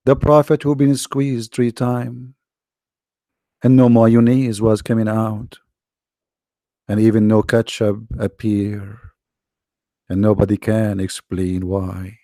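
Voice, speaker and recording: Hoarse, sarcastic man with a gravelly voice. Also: fairly low pitch, level tone, slow pace, long pauses, mellow, no echo, studio quality. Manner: sarcastic, taunting. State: hoarse, tired voice. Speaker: host of a live debate stream. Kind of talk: casual mocking live-stream talk. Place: quiet room at home.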